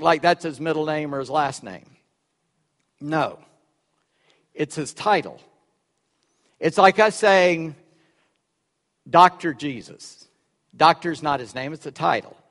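Pastor guy preaching in a church, fairly high voice, loud one sec then hushed the next, big hall echo. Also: animated, unhurried. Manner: dynamic, swings from loud emphasis to quiet asides. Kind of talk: sermon. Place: church sanctuary. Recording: echoey hall with long reverb.

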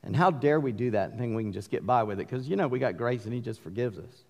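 A middle-aged man with a Southern accent preaching a sermon, mixing forceful emphatic bursts with folksy asides. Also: medium pitch, expressive, quick pace. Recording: long hall reverb.

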